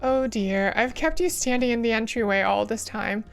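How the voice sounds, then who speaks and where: A woman reading a polite, gentle middle-aged mother in a game. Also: a little high, normal speed, smooth, faint music behind, close to an everyday voice. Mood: worried.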